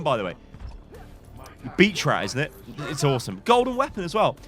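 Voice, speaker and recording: A man, hosting and commenting on gameplay as a coach, in an animated, theatrical way. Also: fairly high pitch, faint music behind. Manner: animated, theatrical, quick to exclaim. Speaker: game coach and channel host.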